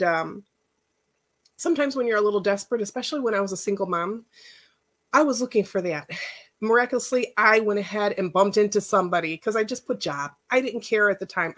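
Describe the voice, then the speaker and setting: A middle-aged woman life coach giving a casual workshop talk, earnest and emotional, chatty with many asides. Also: medium pitch. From Northwest Indiana, United States.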